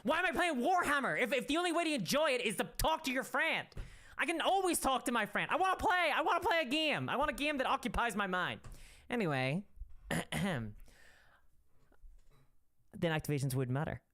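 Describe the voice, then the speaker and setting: A woman's voice: a little high, animated, normal speed, pauses often, a bit bright. A woman streamer in casual livestream commentary, reading chat and ranting with opinionated energy and frequent restarts.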